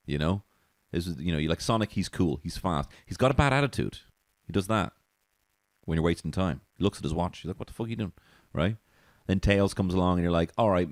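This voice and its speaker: A man's voice: deep voice, a little mellow, dry recording. A man hosting a comedy podcast, rambling through a profane, giggly monologue on a close mic.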